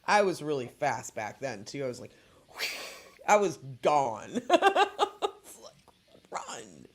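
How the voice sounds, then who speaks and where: A host in their forties in easygoing conversation, taking their time and letting the voice swing high and low. Stories tumble out between frequent bursts of laughter. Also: measured pace. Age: 40s. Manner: animated storyteller, laughing often. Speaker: talk show host. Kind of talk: casual chat.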